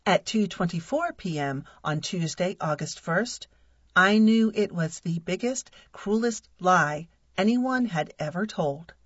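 A married woman reading a humorous personal essay aloud in a wry, deadpan way. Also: fairly low pitch, measured pace, breathy edge, no echo. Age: adult. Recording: dull lo-fi dry recording.

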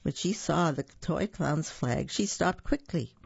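Gravelly voice reading a picture book. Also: medium pitch, animated, measured pace, dry recording. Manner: describes the pictures and stumbles over words. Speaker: storyteller. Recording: dull, slightly lo-fi recording.

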